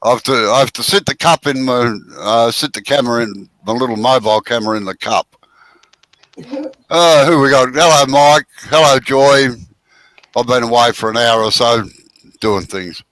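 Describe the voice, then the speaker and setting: A man's voice: mid-range voice, normal speed, a bit bright, no echo, low-quality recording. An Australian man hosting a live woodturning stream, chatting casually and teasing friends while explaining technique. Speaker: woodturning show host.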